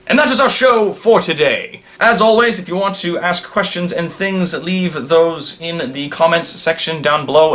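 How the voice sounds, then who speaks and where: A man's voice: fairly high pitch, fairly bright tone. A man hosting a comedic vlog in a supervillain persona, answering viewer questions in a casual, rambling way with playful villain bravado.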